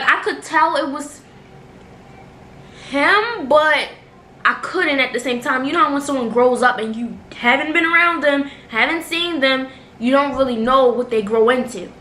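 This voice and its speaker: A woman's voice: a little high, sharp tone. A young woman vlogger chatting casually through a storytime while eating at home, rambling with lots of fillers. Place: home bedroom, little brother playing nearby. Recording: echoey room with faint noise.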